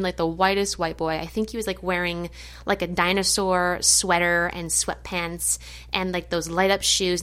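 A woman's voice: mid-range voice, a bit bright. Woman, podcast host, gushing, affirming, chatty storyteller. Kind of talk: motivational podcast sign-off.

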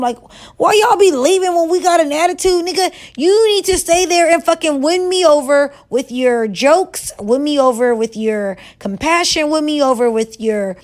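High-voiced woman on a blunt rant. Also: moderate pace. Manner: blunt, profane, scolding, emphatic. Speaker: vlogger giving relationship advice. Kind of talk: casual rant to camera.

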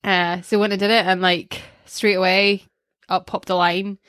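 A woman's voice: mid-range voice, level tone, normal speed, a bit bright, no echo. Young woman, podcast co-host, chatty and self-mocking, dry close sound. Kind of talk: casual chat.

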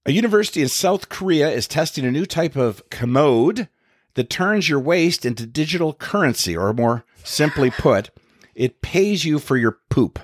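A middle-aged man hosting a podcast, telling stories in a wry, profane, animated way. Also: on the high side, normal speed, dry recording, clean studio sound. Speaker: podcast host and comedian. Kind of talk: casual storytelling chat.

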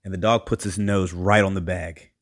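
A man hosting a podcast, telling a story in a casual monologue and acting out the voices of the people in it. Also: normal speed. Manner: animated, acts out quoted voices with big pitch jumps. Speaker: podcast host.

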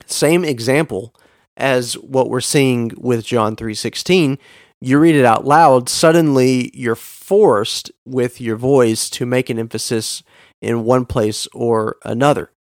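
A man's voice: mid-range voice, dry recording, studio quality. A man teaching a Bible lesson, reading verses aloud with shifting stress and asking his listeners rhetorical questions.

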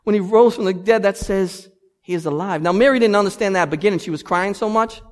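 A man in his thirties preaching a sermon as pastor, animated and building to loud emphatic peaks. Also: high-pitched, brisk. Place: church sanctuary. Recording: long hall reverb.

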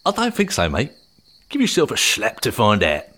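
A man's voice: fairly low pitch, huge pitch swings, moderate pace, noisy background. A man doing a cheeky Cockney magic stick. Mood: cocky. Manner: brash, teasing, blunt. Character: cheeky magic talking stick, male, cocky. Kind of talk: storybook voice acting.

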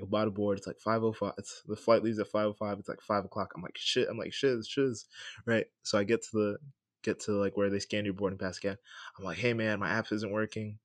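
A young man with a lowish voice hosts his own podcast and talks through a story off the cuff. He keeps it casual and conversational, often asking "right?" as he goes. The sound is close and dry, with no room around it. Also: no room sound. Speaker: podcast host.

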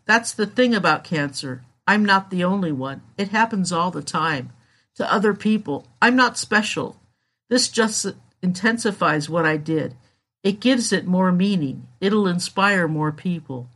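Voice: mid-range voice, lively intonation, a little slow, a bit bright. A narrator voicing a determined young man with cancer, earnest and plain-spoken. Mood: resolute.

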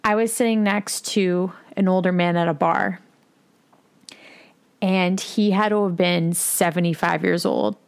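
A woman's voice: lowish voice, fairly even intonation, measured pace, vocal fry. Woman, 20s, solo podcast host; confessional, rambling delivery, casual profanity. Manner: rambling, confessional, swears freely. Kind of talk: candid solo podcast monologue.

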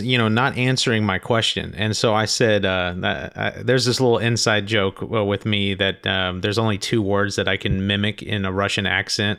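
A man telling of a spiritual experience in a slow, reflective monologue, often stopping and restarting his sentences. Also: fairly low pitch, fairly even intonation, creaky, a bit bright, smooth. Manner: halting, frequent restarts; slow, thoughtful delivery. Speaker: speaker recounting a spiritual experience.

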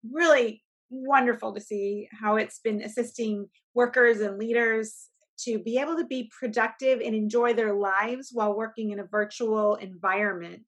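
Woman podcast co-host and coach, higher voice, earnest and encouraging, speaks over a video call. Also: a bit bright. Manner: earnest, encouraging, repeats words. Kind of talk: casual podcast chat.

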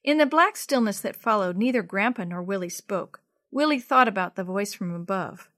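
Expressive woman reading to children. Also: medium pitch, moderate pace, no room sound, studio quality. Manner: gentle, expressive read-aloud. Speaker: children's storyteller. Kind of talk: reading a chapter book aloud to children.

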